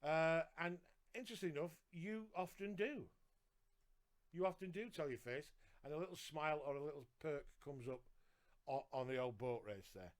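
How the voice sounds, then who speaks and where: A man's voice: on the high side, moderate pace. A man co-hosting a casual podcast, earnest and listing his points, repeating himself for emphasis. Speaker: podcast co-host and carer. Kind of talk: casual live podcast chat.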